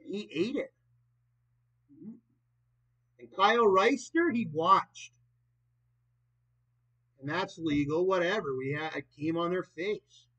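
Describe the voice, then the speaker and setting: A man in his late twenties vlogging in a rambling, profane monologue that swings between loud and soft. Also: sits high, animated, takes it slowly, long pauses, slightly rough. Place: old property in the countryside. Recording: dull lo-fi recording.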